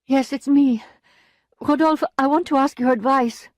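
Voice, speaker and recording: A woman's voice: high-pitched, unhurried, no echo, pitched above the performer's own voice. A woman voicing a desperate, proud young wife who pleads for help with strong emotion. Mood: distraught.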